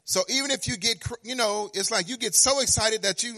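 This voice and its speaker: High, bright-voiced animated preacher man. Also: a little fast, hardly any pauses. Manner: animated, acts out dialogues with God, sing-song emphasis; stammering restarts, swings from quiet to loud. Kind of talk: sermon.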